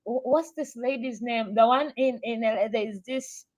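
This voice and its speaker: A woman co-hosting a casual podcast chat, animated and slangy, swearing casually. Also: a little high, moderate pace, low-quality recording.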